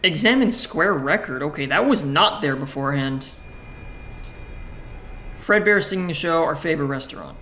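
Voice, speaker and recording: A man's voice: fairly high pitch, animated, moderate pace, long pauses, bright, forceful tone, slight background noise. A man playing a text adventure and commenting casually, swearing now and then and reading the game text aloud. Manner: casual, swears, jokey self-talk. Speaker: gaming streamer.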